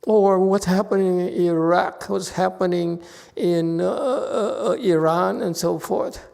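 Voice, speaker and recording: A man's voice: high-pitched, steady tone, a little slow, gravelly, darkish tone, smooth, in a large hall. A man teaching a Buddhist Dharma lecture in a temple, blunt and sarcastic as he scolds his listeners. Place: temple hall.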